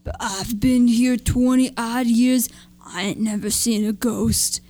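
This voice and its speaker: A woman's voice: a little high, steady tone, slow pace, warm tone. A woman voicing an old man caretaker who turns out to be a ghost, in a rural folksy drawl.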